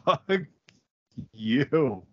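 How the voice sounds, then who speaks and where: A man's voice: mid-range voice, lively intonation, drawn-out words, no room sound, muffled recording. A man co-hosting a comedy podcast over a call, bickering back in defensive, exasperated, crude banter. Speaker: podcast co-host. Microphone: remote call mic.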